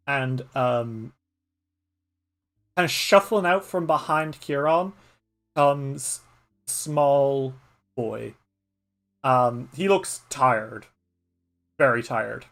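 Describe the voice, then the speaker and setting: An Irish man narrates a solo tabletop game at an unhurried pace, rambling and filling pauses with ums. His voice sits in a middle register, with faint music playing behind him. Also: mid-range voice, a bit bright. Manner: slow, rambling, with many fillers. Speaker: game master and streamer.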